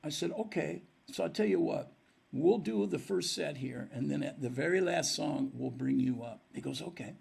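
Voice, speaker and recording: A man's voice: fairly high pitch, normal speed, vocal fry, husky. An older man, a musician guest on a podcast, telling stories and acting out the voices of people in them. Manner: animated storyteller acting out quoted dialogue. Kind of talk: storytelling in a podcast interview.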